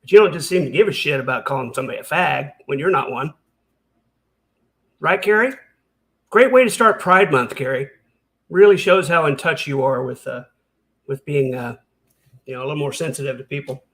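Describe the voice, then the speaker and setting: A high-pitched man delivers angry reaction commentary. He is sarcastic and heated, swearing often as he rants. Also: a little fast, pauses often, fairly bright tone. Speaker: commentary channel host.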